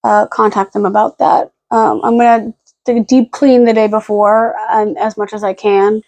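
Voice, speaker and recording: A young woman vlogging at home in a rambling casual chat, close to the camera mic, now and then slipping into high baby talk for her dog. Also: little pitch movement, normal speed, a little mellow, dry recording.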